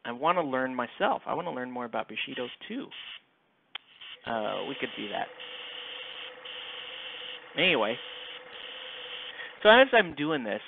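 Medium in pitch but swinging widely, his voice has vocal fry, a measured pace and frequent pauses against a noisy background. While painting miniatures live on stream, he rambles into a headset mic, self-deprecating and filler-heavy, with a tinny, phone-like quality.

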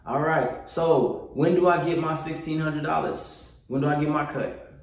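A man leading a kids' yoga lesson on a video call, hyping the children up, then guiding slow breathing in a soft voice. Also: a little high, fairly even intonation. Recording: echoey room, far from the mic.

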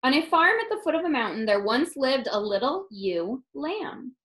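Expressive woman teacher reading aloud. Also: high voice, moderate pace, poor audio. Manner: expressive, explaining to children. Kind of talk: reading a picture book aloud.

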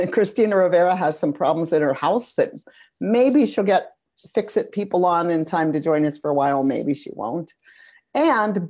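A woman's voice: lowish voice, darkish tone. A woman hosting a casual talk show over a video call, chatty and self-deprecating. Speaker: host.

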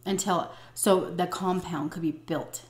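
A woman's voice: on the low side, fairly even intonation, unhurried, a little mellow, reverberant, a little hiss or hum. A middle-aged woman vlogger telling a personal story in a casual, blunt and profane way. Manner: blunt and profane, vivid retelling. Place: indoors at home, eating on camera.

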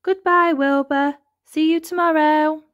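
A cheerful, kindly elephant from a children's storybook, put on by a woman reading aloud. The voice rides high and bounces lively, bright and teasing. The sound is close and dry. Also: unhurried, no room sound, muffled recording.

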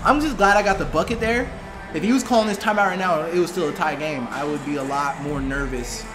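A man giving excited live commentary while playing a basketball video game, reacting emotionally to every play. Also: a little high, fast, music in the background. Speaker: gaming commentator.

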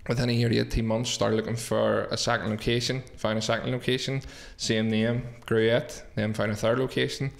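A man's voice: mid-range voice, level tone, a little fast, vocal fry, hardly any pauses. Man, Belfast accent, thirties, casual and chatty, swears, acts out the dialogue in his stories. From Northern Ireland. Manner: swears freely, tells stories with quoted dialogue. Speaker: guest, business owner. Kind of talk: casual storytelling.

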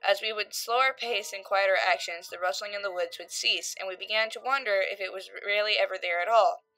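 Woman narrator, horror story reading, bright voice, faint background music. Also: fairly even intonation, fairly quick, rough recording. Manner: voices characters with shifts in loudness and pitch. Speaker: creepypasta reader.

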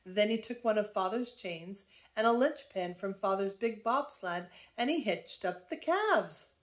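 A woman's voice: medium pitch, a little slow. Grandmother reading a children's story aloud. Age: older. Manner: lively, expressive storytelling.

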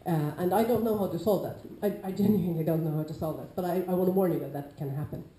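A woman with a Nordic accent lectures informally on larp safety, fast and chatty, sometimes acting out players with loud calls. Her voice is fairly low, mellow and dark, and the room around her is hard and echoey.

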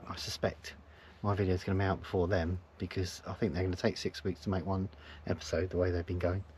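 A man casually vlogging from his van at a forest campsite, rambling and chuckling, sometimes dropping to a hush so he isn't overheard, with a handheld camera picking up his voice. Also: deep voice, little pitch movement, fast. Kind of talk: casual camping vlog chat. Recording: noisy outdoor ambience.

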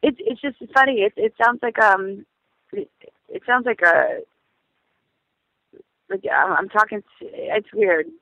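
A woman with a New Orleans accent, a comedian calling in by cell phone, talking quickly and wryly. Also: medium pitch, animated, vocal fry, no room sound, phone-quality sound. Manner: quick, wry. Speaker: guest comedian. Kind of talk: casual chat. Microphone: cell phone call-in.

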